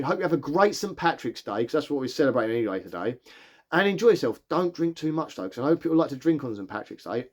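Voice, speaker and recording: Fast-talking man reviewing a film. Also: mid-range voice, darkish tone. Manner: rambling, enthusiastic, many fillers. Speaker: movie reviewer. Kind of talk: casual film review vlog.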